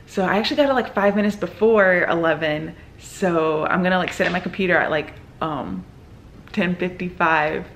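A young woman in her twenties, a medical student, talking casually to camera with lots of fillers and excited exclamations. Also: on the low side, normal speed, slight background noise. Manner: excited and emotional, many fillers like "like" and "oh my God".

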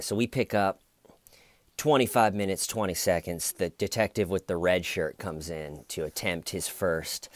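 A man's voice: sits low, no echo. A man giving mocking, rambling commentary on a true crime case, often restarting his sentences. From United States. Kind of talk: casual video commentary.

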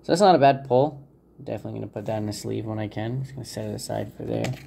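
A man hosting a casual card-pack opening video, talking in a relaxed, hesitant way with frequent fillers and unsure pronunciations. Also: lowish voice, fast talker, vocal fry, very noisy. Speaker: channel host opening trading card packs. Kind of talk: casual unboxing commentary.

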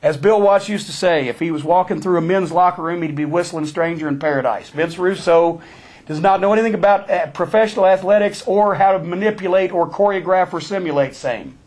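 High-voiced, foul-mouthed storytelling man. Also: fairly quick. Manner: blunt, heavy swearing, animated retelling. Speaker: interviewee. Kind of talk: profane storytelling.

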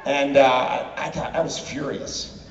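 A man performing an animated stand-up comedy routine in a large theater, shouting punchlines over a loud crowd. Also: medium pitch, takes it slowly, a little hiss or hum. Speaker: comedian on stage. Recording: far, roomy, lo-fi concert audio with loud crowd. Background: loud audience laughter and cheering.

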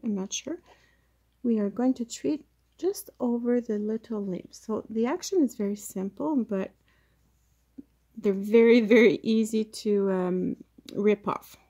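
Here a talkative, somewhat hesitant woman demonstrates plant propagation casually while handling the plants. Her mellow voice is a little high with a breathy edge, moving at a moderate pace. The camera mic is very close up.

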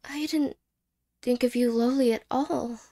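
A woman voicing an apologetic young ex-girlfriend in a whispered role-play, speaking haltingly and softly and slipping into whispers. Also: on the high side, steady tone. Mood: tender. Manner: halting, hesitant, soft-spoken with whispered words.

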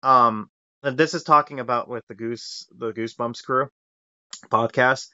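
A man's voice: mid-range voice, steady tone, unhurried, pushed and bright, no room sound, dull audio. Enthusiastic rambling male podcast host. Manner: rambling, enthusiastic, lots of fillers. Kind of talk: casual podcast chat.

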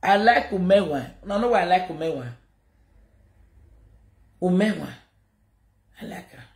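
A woman's voice: on the low side, animated, a little slow, a little mellow, roomy sound. A Nigerian woman giving an emotional live video message, scolding and repeating her warnings. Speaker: social media personality.

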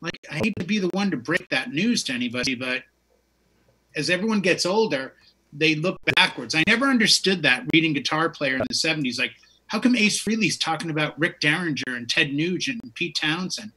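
A man in his fifties with a bright, forceful delivery and a husky edge. He is a DJ hosting a casual chat about music and gets carried away telling long stories. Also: a little high, expressive, brisk. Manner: enthusiastic, tells long digressive stories. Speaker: DJ and show host.

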